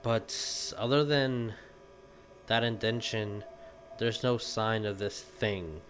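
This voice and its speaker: Slow-talking male game master. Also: on the low side, a bit bright, a little hiss or hum. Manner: unhurried, pausing with fillers. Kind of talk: narrating a tabletop game.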